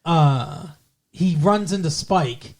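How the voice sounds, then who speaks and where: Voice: mid-range voice, expressive, takes it slowly. A podcast co-host casually retelling a TV episode, rambling with lots of filler words. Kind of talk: casual recap chat.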